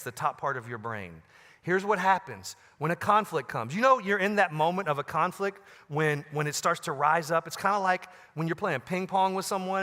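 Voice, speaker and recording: A man preaching from a church stage with a bright, forceful voice pitched a little high. He swings between loud, punchy emphasis and quiet asides. The sound carries a long reverb through the hall. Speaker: pastor. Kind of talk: sermon. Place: large church auditorium.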